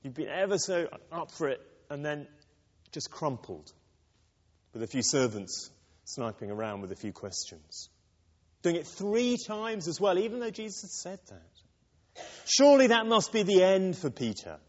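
Expressive male preacher in a reverberant hall. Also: fairly high pitch, measured pace, muffled recording. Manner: expressive, acts out quoted lines. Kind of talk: sermon.

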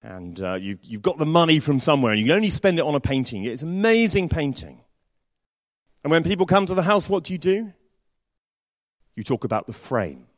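Male preacher, sounding, animated pitch, dry close sound, storytelling sermon. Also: brisk, no room sound. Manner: storytelling with varied, lively delivery.

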